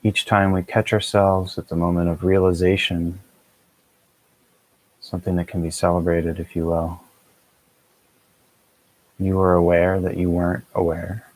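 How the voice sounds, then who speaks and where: A man calmly guiding a meditation session as a teacher, speaking in a measured, unhurried way. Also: low-pitched, dry recording, low-quality recording. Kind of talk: guided meditation instruction.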